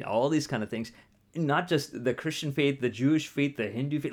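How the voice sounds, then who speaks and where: Lively, casual male storyteller. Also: medium pitch, a little fast. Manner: casual and lively, laughs while telling stories. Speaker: podcast co-host. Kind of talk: casual storytelling on a faith podcast.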